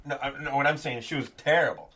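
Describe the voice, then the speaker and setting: A man's voice: mid-range voice, quick pace, bright, forceful tone. A man co-hosting a podcast in casual chat, blunt and joking. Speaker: podcast co-host.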